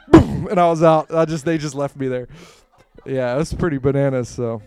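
A man telling a rambling personal story in a casual way, acting out scenes with sudden loud bursts. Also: a little high, quick pace, clean tone. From Florida, USA. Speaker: speaker sharing a testimony.

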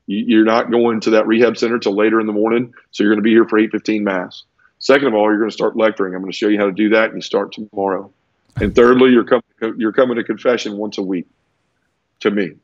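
Speaking fairly quickly in a low, steady voice, a man earnestly relates how he converted, in a conversational interview full of restarts. There's no room sound, and the highs are cut off.

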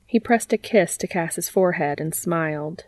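A woman reads fanfiction as a calm, even audiobook narration in a lowish voice at a moderate pace. The sound is dry and close-miked, with no room or echo.

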